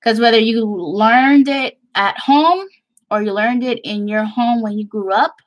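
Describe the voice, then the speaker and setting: A woman's voice: on the high side, unhurried, poor audio. A Texan woman from Texas, a craft vlogger chatting casually to her viewers in a rambling way and laughing often.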